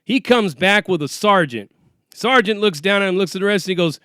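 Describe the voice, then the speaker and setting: An expressive, high-pitched man speaking a little fast, with a sharp yet clean tone, relates his time behind bars. Casual, profane and streetwise, he performs the quoted dialogue; the studio-quality audio has no room sound.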